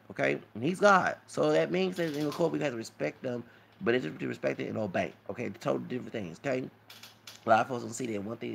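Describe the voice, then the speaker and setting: A man's voice: medium pitch, vocal fry, slight background noise. A man talking in a rambling commentary vlog, lecturing and often asking "okay?" and "you know what I'm saying?". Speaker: YouTube commentator.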